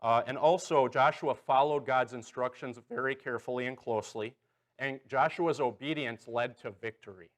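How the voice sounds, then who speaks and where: A man's voice: mid-range voice, moderate pace. A man leading a Bible class in a church auditorium, guiding volunteers and checking in often with "okay" and "right.".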